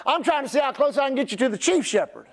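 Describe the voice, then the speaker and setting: Middle-aged preacher guy, really high voice, drags out words, gets the crowd to say it back. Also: lively intonation. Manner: preacherly, drawn-out emphasis, audience call-and-response. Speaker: pastor. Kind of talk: sermon.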